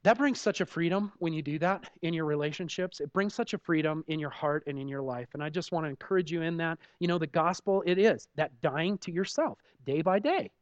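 A man's voice: fairly high pitch, fairly quick, hardly any pauses, no room sound. Candid male preacher, dull dry recording. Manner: candid, self-deprecating storytelling with frequent "you know". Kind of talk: conversational sermon.

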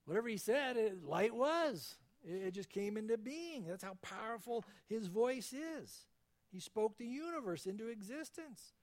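A man preaching through a passage verse by verse, his voice sitting a little high. He speaks fervently and emphatically, swinging from quiet explanation into loud, ringing peaks. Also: expressive, normal speed. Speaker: pastor. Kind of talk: verse-by-verse sermon.

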